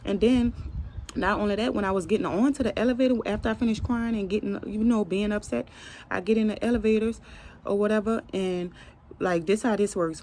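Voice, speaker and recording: A woman's voice: mid-range voice, a little mellow, slight background noise. A young adult woman, a pharmacy technician, telling a personal story to her viewers in an earnest, emotional way, calling them y'all. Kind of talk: casual storytelling to camera.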